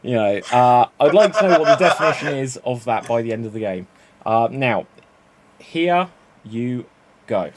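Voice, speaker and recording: A man's voice: mid-range voice, animated, normal speed, very noisy. Chatty man hosting an improv stream. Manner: chatty, self-correcting, laughs at own slips. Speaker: improv show host.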